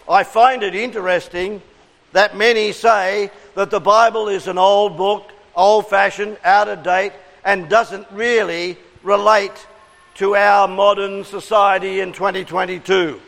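Slow, high-voiced Australian preacher in a hall. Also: male voice, fairly even intonation, vocal fry, a bit bright. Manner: earnest, interactive, drawing call-and-response from the congregation. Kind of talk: sermon.

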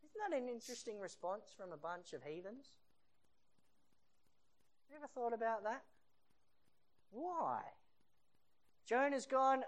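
A preacher giving a sermon in a lively storytelling style, acting out the scenes. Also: mid-range voice, takes it slowly, long pauses. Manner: animated storytelling that acts out the scenes.

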